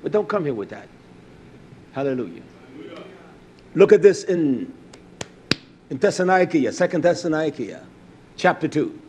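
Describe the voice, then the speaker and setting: A man preaching a sermon, swinging between loud, rising exhortation and low, quiet storytelling. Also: expressive, normal speed, pauses often, slight background noise.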